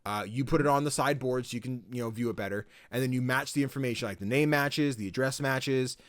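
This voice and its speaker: A man hosting a podcast in casual chat, animated, swearing casually and often slipping into voices. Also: mid-range voice, fast, no room sound, clean studio sound. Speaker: podcast host.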